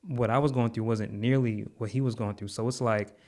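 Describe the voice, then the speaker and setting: A man with a mid-range, slightly mellow voice speaks a little fast in a steady tone. As a podcast guest and content creator, he tells an earnest, heartfelt story in conversation, repeating words and using many fillers.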